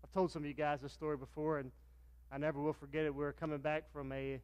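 A man's voice: fairly high pitch, level tone, fast talker, darkish tone, smooth. Man preaching a sermon. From Virginia, US. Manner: storytelling, acts out dialogue with raised voice. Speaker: pastor.

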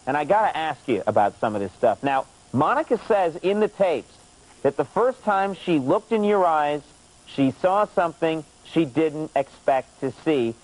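A man's voice: a little high, expressive, moderate pace, a little mellow, poor audio. A male late-night talk show host, exasperated and interrupting with repeated "sir" in a comedy sketch.

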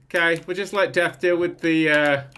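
A man hosting a gaming channel, commentating on a game in an excitable way, often swearing and breaking into laughter. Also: on the high side, normal speed, clean tone.

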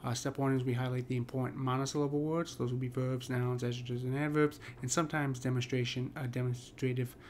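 Male poetry tutor, monotone delivery, halting with fillers and restarts, faint background hiss. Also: mid-range voice. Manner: halting, many ums and restarts. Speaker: poetry teacher. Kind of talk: casual explanatory lesson.

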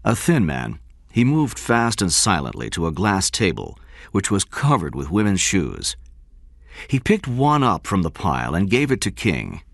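Expressive low-voiced male narrator. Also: measured pace, gravelly, dry recording, studio quality. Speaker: audiobook narrator. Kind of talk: scripted narration.

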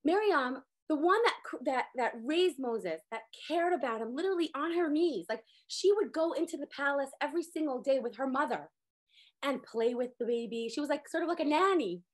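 High-voiced woman teaching a casual class. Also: brisk. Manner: animated storytelling, acts out characters' lines, many "like" fillers. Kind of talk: casual online Torah class.

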